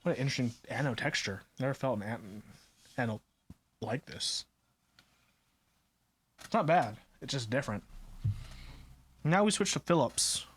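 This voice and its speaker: A man's voice: medium pitch, lively intonation, normal speed, pauses often, husky. A man streaming live, chatting casually and muttering puzzled asides to himself as he works. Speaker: streamer building a keyboard.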